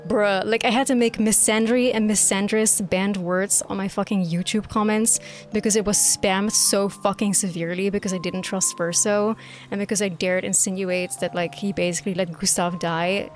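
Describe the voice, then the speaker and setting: A woman's voice: mid-range voice, fairly even intonation, normal speed. Profane, emphatic woman streamer. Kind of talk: live gameplay reaction stream. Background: quiet game music.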